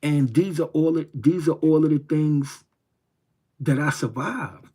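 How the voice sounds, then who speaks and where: A man's voice: on the high side, measured pace, mellow, husky. A middle-aged man from New York City telling a personal story on a livestream, in a rambling, streetwise way that repeats its phrases. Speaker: livestream host. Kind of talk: casual storytelling.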